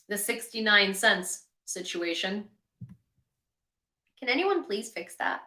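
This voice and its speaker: A woman hosts a livestream news commentary in a chatty, sarcastic manner. Her voice is bright and carries in an echoey room. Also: medium pitch, very animated, slow, long pauses. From Ukraine. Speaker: host.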